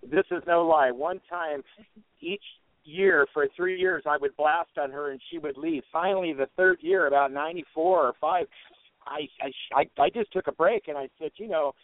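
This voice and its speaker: A folksy, joking man with a slightly raised pitch, telling stories. He is heard over a tinny phone line with a dry sound. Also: normal speed, dry recording. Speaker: auctioneer guest. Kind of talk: casual phone interview.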